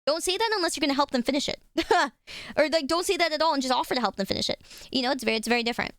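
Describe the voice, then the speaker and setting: A woman's voice: sits high, rapid-fire, fairly bright tone, no room sound, studio quality. A young woman streaming live, chatting casually with her viewers and swearing freely. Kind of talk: casual chat with chat.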